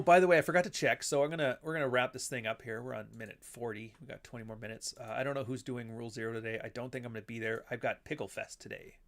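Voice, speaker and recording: Rambling, profane livestream host, a man. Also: medium pitch. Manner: rambling, profane, reads chat aloud. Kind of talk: casual livestream chat.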